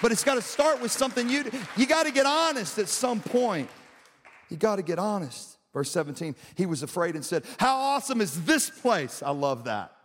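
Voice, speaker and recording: High-voiced preaching pastor, man. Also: expressive, fairly quick, long reverb tail, some chatter behind. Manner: storytelling, builds to shouted preaching. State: strained throat from shouting. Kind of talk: sermon.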